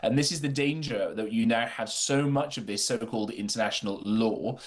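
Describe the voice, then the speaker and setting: Guy on talk radio picking apart politics, measured and dry-witted, middle-pitched voice. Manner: measured, wry, argumentative. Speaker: regular political commentator.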